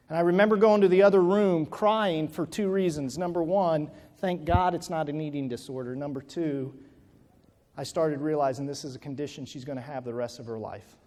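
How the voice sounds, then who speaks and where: This keynote, recorded in a reverberant large hall, features a motivational speaker with a fairly high, slightly mellow voice. He opens with a personal story and works up to emphatic exhortation.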